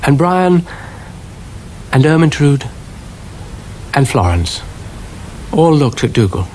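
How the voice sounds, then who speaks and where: A British man narrating a children's stop-motion story in a dry, gently wry manner. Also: a little high, big pitch swings, takes it slowly, pauses often, slight background noise.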